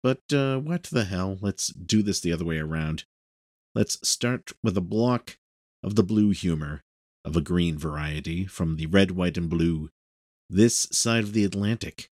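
A male host with a low voice introduces the segments in a relaxed, offhand manner. The recording is close and dry. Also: a little slow, no echo. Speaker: radio show host. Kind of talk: casual show hosting.

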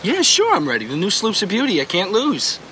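A man's voice: high voice, wildly swooping pitch, brisk, pushed and bright, slight background noise, exaggerated voice. An actor playing a spoiled rich young man who whines and pleads in a comedy sketch. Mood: cocky. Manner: whiny, pleading.

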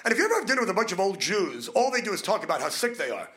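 A male stand-up comedian with a brash, fast-talking manner, needling the crowd from a comedy club stage during a live set. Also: sits high, very animated. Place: comedy club stage before a laughing audience. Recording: noisy live club recording.

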